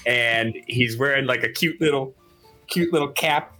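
A man taking part as a player in a tabletop game, talking in a playful, animated way. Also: mid-range voice, moderate pace, soft background music. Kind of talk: casual tabletop play.

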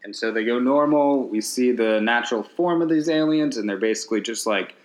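A man's voice: mid-range voice, fairly quick. A man chatting casually about a movie, adding dry, wry asides. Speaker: podcast co-host. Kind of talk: casual movie recap chat.

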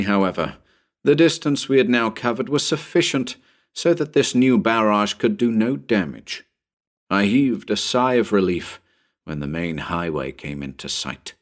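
A man narrating a pulp story in a dramatic, expressive audiobook reading. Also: mid-range voice. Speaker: narrator and channel host.

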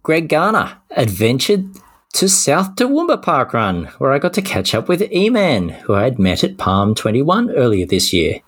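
A man's voice: medium pitch, huge pitch swings, moderate pace, fairly bright tone, husky. A man co-hosting a podcast, cheerfully reading out listener messages with self-deprecating asides. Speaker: podcast co-host.

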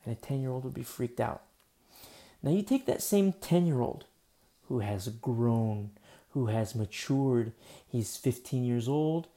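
Gravelly, mellow-voiced preacher man. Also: medium pitch, measured pace. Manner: animated preaching, acts out dialogue, drops to near whispers. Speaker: pastor. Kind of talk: sermon.

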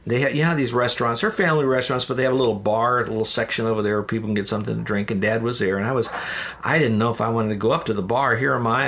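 A man's voice: medium pitch, fairly bright tone. Earnest male storyteller, mid-range voice, ministry leader being interviewed. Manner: earnest, addresses listeners as "dear ones". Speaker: ministry leader telling his testimony.

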